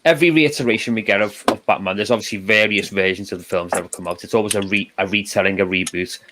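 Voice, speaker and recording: A man's voice: on the low side, quick pace, noisy background. A young man with a Liverpool accent chatting casually about a film on a video call from home, easygoing and self-deprecating. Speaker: film discussion co-host. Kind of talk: casual chat.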